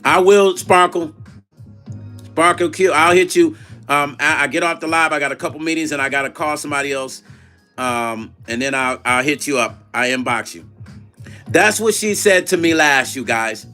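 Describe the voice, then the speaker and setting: A middle-aged man talks through a live stream, retelling phone calls line by line and greeting viewers. His voice is bright and sits a little high for a man. Faint music runs under him. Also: normal speed. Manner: reads viewer chat aloud and retells calls in quoted dialogue. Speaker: vlog host. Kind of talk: casual livestream storytelling.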